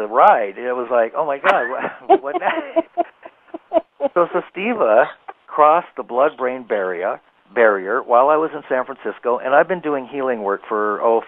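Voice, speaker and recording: A man talking as a guest on a radio show, telling a rambling, animated story and laughing easily. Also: mid-range voice, no room sound. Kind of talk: casual radio interview storytelling. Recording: tinny phone line, dry.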